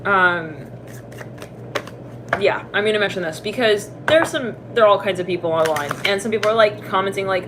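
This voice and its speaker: A chatty woman gives a casual tarot reading, laughing often and jumping into high put-on voices to quote people. Her voice sits at a middle pitch. There is a clear hiss of noise behind her. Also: a little fast, fairly bright tone. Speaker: tarot reader.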